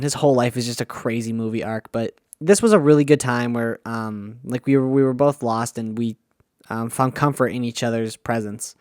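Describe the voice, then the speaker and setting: A young man telling stories in a relaxed, slangy monologue full of fillers. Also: medium pitch, dry recording, studio quality. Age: young adult. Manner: laid-back slangy, many fillers and "dude". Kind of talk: casual storytelling monologue.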